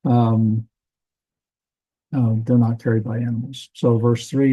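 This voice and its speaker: Man, bible language teacher, relaxed lecture, very mellow tone. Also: mid-range voice, unhurried, long pauses, rough recording. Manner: relaxed, explanatory, with fillers. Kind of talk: classroom lecture.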